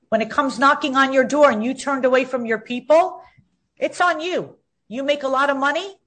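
Emphatic woman in her fifties, a combative and outspoken guest, her voice pitched a little high. She pushes her points hard and doubles up words when she gets heated. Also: fairly bright tone. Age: 50s. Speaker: interview guest. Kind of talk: outspoken interview talk.

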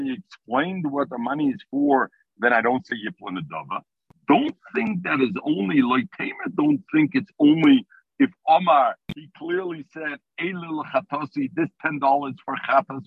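Over a tinny phone connection from his moving car, a man explains a Talmud text in English sprinkled with Hebrew and Aramaic. His medium-pitched voice is gravelly and husky, without room sound.

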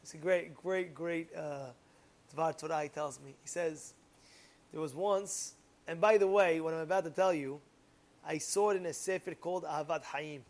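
Man, high voice, animated storyteller, rambling fillers, casual moral parable. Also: normal speed. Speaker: storyteller giving a moral lesson.

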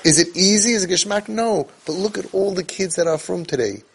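A man's voice: high voice, brisk, gravelly, slight background noise. A man, speaking with emotion to parents as a parenting coach and mixing in Yiddish and Hebrew words. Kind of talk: impassioned talk to parents.

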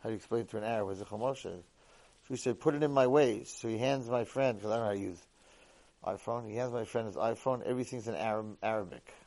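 A man giving a Torah lecture who tells a lively first-person story. He acts out the dialogue and swings between hushed and loud delivery. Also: lowish voice, quick pace.

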